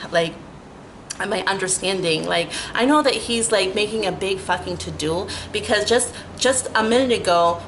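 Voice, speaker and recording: A woman vlogger telling a story in a casual, animated way, swearing freely and acting out what she said at the time. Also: slight background noise, low-quality recording. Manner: animated, chatty, profane, lots of "like" fillers; acts out her own quoted lines with rising pitch.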